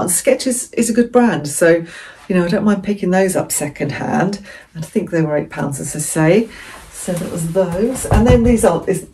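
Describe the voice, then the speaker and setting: A woman from England with a fairly low voice chats through a haul video. She rambles and often corrects herself mid-sentence. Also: warm tone. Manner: chatty, rambling, self-correcting. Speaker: vlogger. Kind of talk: casual haul vlog.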